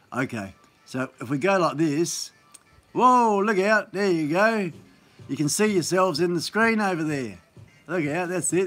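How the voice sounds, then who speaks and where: A man's voice: fairly high pitch, a bit bright. A man hosts a casual live stream, rambling in an upbeat, chatty way with many fillers, recorded on a phone on a gimbal.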